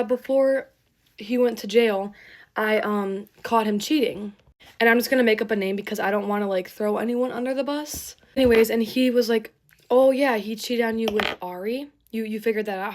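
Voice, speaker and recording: A woman's voice: medium pitch, background noise. Young woman for a chatty, rambling storytime vlog, emotional and foul-mouthed. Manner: rambling, emotional, swears freely. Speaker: storytime creator. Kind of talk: get-ready-with-me storytime.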